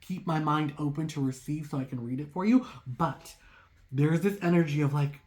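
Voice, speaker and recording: This tarot reader is excitable, addressing viewers straight on in a casual reading with a mid-range voice at a moderate pace. Her thoughts run ahead of her, and she rambles, saying "like" constantly and tossing in apologetic side comments.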